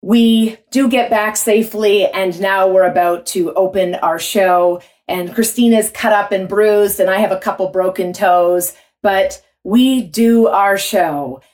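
A woman telling a vivid personal story to an audience, in an animated way. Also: mid-range voice, unhurried.

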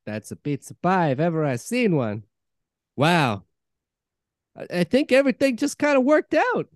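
A man's voice: sits high, very animated, normal speed, dry recording, studio quality. A man doing a brash, needy Nostradamus. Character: brash chummy male fortune-teller, needy and pushy. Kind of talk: improv comedy scene.

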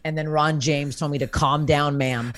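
A woman's voice: low voice, steady tone, moderate pace, fairly bright tone. A woman in her thirties hosting a podcast, telling a story in casual chat with comic heat and frequent laughter. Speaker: podcast host.

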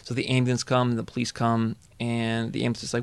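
A man with a gravelly, creaky voice and a middle pitch tells a story in casual conversation. He talks with animated delivery and slips into quick voices for the people in it. The sound is dry and close, with no room echo. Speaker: storyteller guest. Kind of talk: casual chat.

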